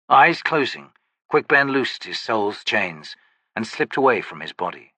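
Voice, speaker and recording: A man narrates a fantasy audiobook with a bright, husky voice and a lively, expressive melody. His reading is measured and storytelling in manner. The recording is close and dry. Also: on the low side, no echo.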